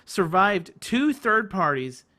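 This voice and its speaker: A man doing live play-by-play commentary on an esports match, rapid and excitable, often correcting himself. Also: high voice. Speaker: esports caster.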